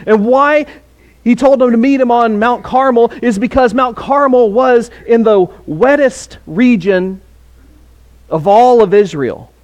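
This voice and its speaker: A man's voice: very high-pitched, unhurried, a little mellow. A man preaching a sermon in a conversational way, with fillers and restarts.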